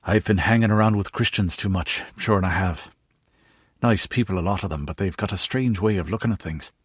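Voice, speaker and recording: An earnest young man speaks quietly and bluntly, a hero unwilling to leave home, as a male narrator reads him. The voice is low and husky. The sound is dry and close. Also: fairly quick, dry recording. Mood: wry.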